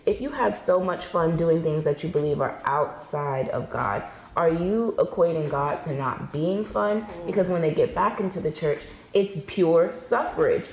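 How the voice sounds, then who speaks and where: A woman's voice: deep voice, unhurried, hardly any pauses, darkish tone, reverberant, poor audio. A woman speaking candidly and wryly in a conversation, laughing at her own jokes. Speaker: guest in a discussion video. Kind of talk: conversational commentary.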